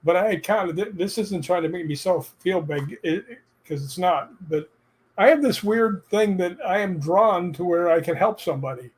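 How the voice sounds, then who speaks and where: Man telling lively personal stories. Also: high voice, moderate pace. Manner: animated, laughs while telling stories. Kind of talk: casual storytelling chat.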